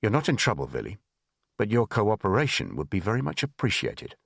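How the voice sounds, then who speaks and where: A man's voice: lowish voice, huge pitch swings, fairly quick, vocal fry, fairly bright tone, no room sound, clean studio sound, full character voice. A man voicing a confident male German police officer who speaks politely and deferentially.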